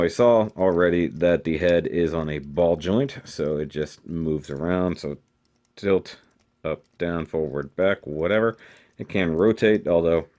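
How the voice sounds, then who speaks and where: A man with a very low voice gives a relaxed, chatty review of a model kit. He thinks aloud while turning the pieces over. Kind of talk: casual product review.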